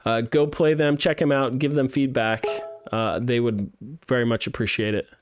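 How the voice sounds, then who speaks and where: A man's voice: medium pitch, steady tone, normal speed, no echo, studio quality, faint music behind. A man streaming a live playtest of student games, thinking aloud with lots of fillers and restarts as he gives feedback. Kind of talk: live game playtest commentary.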